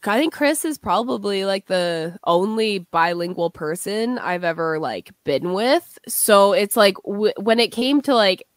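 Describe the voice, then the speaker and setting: A woman's voice: mid-range voice, expressive, a little slow, hardly any pauses, no echo, clean studio sound. A young woman co-hosting a podcast, chatting casually, laughing often and swearing while she tells stories. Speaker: podcast co-host. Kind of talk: casual chat.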